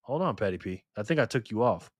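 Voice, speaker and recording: A man's voice: fairly low pitch, expressive, quick pace, no echo, clean studio sound. A man hosting a casual livestream, chatting and laughing as he reads viewer comments aloud. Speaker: livestream host.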